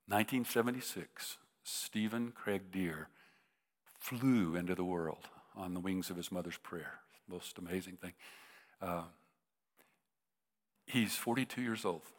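Older guy preaching, kinda low voice, lots of restarts, big echoey hall. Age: about 70. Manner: halting storyteller, many restarts, voice rising into emotional peaks. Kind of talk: personal story in a sermon. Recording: long reverb of a large hall.

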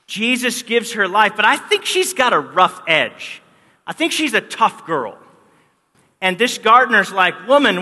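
In a hall with long reverb, a male pastor delivers a sermon, animatedly narrating and performing the quoted lines. His voice sits high and sounds pushed and bright.

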